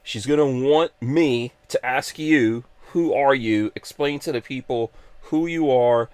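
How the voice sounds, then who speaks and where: A man's voice: medium pitch, darkish tone, dry recording. A man hosting a live podcast stream, chatting casually in an upbeat, joking, rambling way. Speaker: podcast host.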